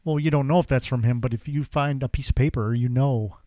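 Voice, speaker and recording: Relaxed man co-hosting a podcast. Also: mid-range voice, brisk, no room sound, studio quality. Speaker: podcast co-host. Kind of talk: casual podcast chat.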